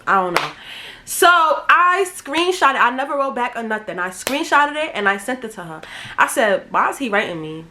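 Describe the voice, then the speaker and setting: A young woman telling a casual storytime vlog, slangy and animated, acting out the people she quotes. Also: a little high, normal speed, a little hiss or hum. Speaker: vlogger.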